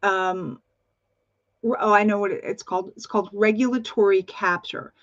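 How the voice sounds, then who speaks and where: A woman's voice: mid-range voice, fairly even intonation, normal speed, no room sound. A woman giving a passionate, rambling monologue to her channel's viewers, restarting often and filling gaps with fillers. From United States. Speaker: channel host. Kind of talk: opinionated monologue to camera. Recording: dull lo-fi recording.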